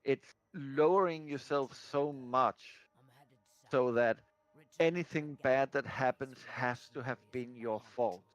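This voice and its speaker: A man chatting casually with a streamer, speaking deliberately with a dry, teasing manner. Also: mid-range voice, dry recording. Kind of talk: casual chat.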